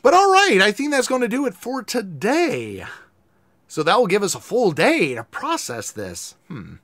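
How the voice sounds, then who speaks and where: A man giving comedic gameplay commentary, animated and shouty, slipping in and out of put-on voices. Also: sits high, measured pace, no echo. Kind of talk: comedic let's play commentary.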